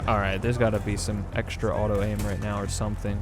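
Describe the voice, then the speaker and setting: A man's voice: lowish voice, level tone, fast, over music. A man giving casual, sarcastic running commentary while playing a video game, often exasperated. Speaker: gaming video host. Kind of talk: casual let's-play commentary.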